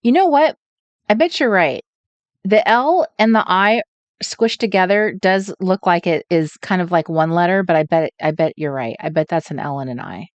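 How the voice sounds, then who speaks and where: A woman hosting a live crafting stream, chatting casually, thinking out loud and greeting viewers by name. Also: fairly low pitch, moderate pace, no room sound, highs cut off. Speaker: crafting livestream host. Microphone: desk setup with overhead camera.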